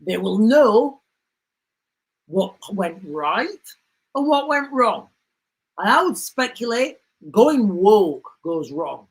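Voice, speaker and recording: A man's voice: high voice, big pitch swings, slow pace, long pauses, poor audio. A man hosting a livestream, talking in an emphatic, repetitive way and acting out stories with sound effects. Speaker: livestream host. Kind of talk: casual commentary livestream.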